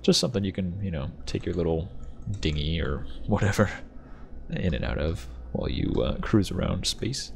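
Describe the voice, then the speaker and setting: A man's voice: low voice, expressive, moderate pace, vocal fry, a little hiss or hum. A man hosting a channel, rambling and joking with frequent laughs as he tours a ship in a game. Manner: rambling, jokey, laughs often. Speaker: channel host reviewing game ships. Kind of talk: casual game commentary.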